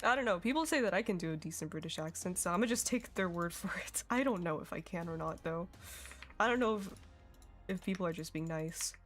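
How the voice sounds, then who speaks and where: A woman's voice: on the low side, animated, a little fast, fairly bright tone. A young woman chatting casually and giggling while streaming a game. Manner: chatty, giggly, reacting to chat. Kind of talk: casual gaming stream chat. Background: faint music.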